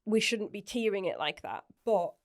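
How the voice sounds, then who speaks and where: A woman's voice: mid-range voice, big pitch swings. Chatty woman sharing candidly. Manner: open, chatty, quick bursts of laughter, swears casually. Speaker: podcast guest. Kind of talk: candid personal interview.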